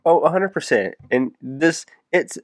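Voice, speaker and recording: A man's voice: a little high, expressive, measured pace, dry recording. A young man co-hosting a podcast, getting over an illness, chatting in a wry, laid-back way and often repeating himself as he starts a thought. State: recovering from illness, congested. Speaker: podcast co-host. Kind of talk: casual chat.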